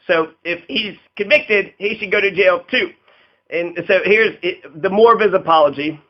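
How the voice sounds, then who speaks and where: A man's voice: high-pitched, moderate pace. A man giving casual political commentary, rambling and profane, laughing often and acting out quotes in a raised voice. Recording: dull lo-fi audio.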